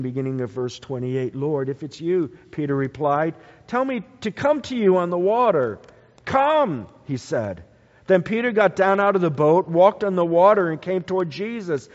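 A man preaching a sermon, slow and dramatic, swinging from loud to hushed. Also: high voice. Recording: dull lo-fi sound with long hall reverb.

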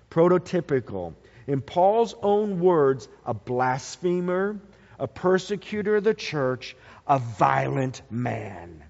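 A man preaching an expository sermon, emphatic, repeating key phrases and swinging between soft and loud. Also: fairly high pitch. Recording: dull lo-fi sound with long hall reverb.

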